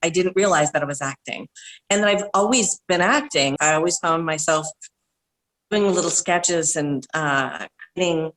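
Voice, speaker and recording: A woman with a fairly low voice answers interview questions over a video call. She rambles through chatty anecdotes, acting out little quoted asides as she goes. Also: a bit bright, rough recording. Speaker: guest, voiceover artist. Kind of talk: casual storytelling interview.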